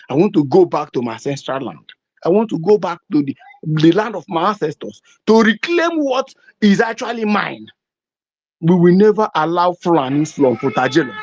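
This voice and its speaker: A woman with a Nigerian accent delivers impassioned political commentary, her pitch leaping up and down as she presses each point. She speaks emphatically and sometimes climbs to a shout. The audio is dull and lo-fi. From southeastern Nigeria. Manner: fiery, emphatic, rises to shouting. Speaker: host.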